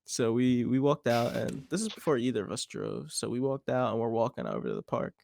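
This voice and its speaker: Speaking fairly quickly, a young podcast host tells a lengthy, meandering story casually, full of "like" and curse words. His medium-pitched voice is very animated, creaky and a little mellow, with slight background noise.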